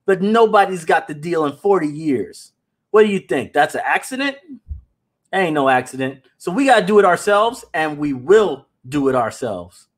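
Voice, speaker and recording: A man hosting a casual livestream for his animation company. He is animated, talks straight to his viewers, and often repeats words. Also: on the high side, normal speed.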